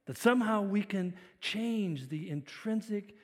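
A male pastor delivering a sermon, swinging between loud emphasis and quiet, reflective passages. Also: high voice, expressive, measured pace. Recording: long reverb of a large hall.

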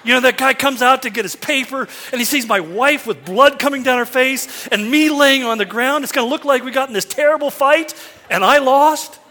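A man's voice: very high voice, moderate pace, sharp tone. A middle-aged man preaching a sermon, telling folksy, self-deprecating stories. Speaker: pastor. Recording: long hall reverb.

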